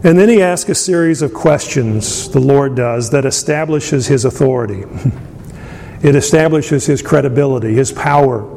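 A man preaching a conversational sermon, chuckling often and filling pauses with ums and uhs. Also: gravelly, mellow. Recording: long hall reverb, faint rumble.

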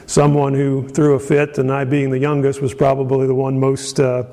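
A man's voice: medium pitch, completely flat delivery, moderate pace, dark tone, long reverb tail. A middle-aged man from Indiana preaching a sermon, telling a folksy story with frequent fillers and restarts. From Indiana, USA. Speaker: pastor.

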